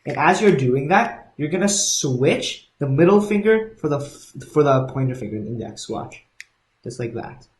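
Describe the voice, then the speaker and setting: A man's voice: a little high, animated, normal speed. A young man teaching card sleights in a casual, rambling way, often restarting and correcting himself. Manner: rambling, self-correcting, many restarts and ums. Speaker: magic tutorial host. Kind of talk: casual instructional walkthrough. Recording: echoey room.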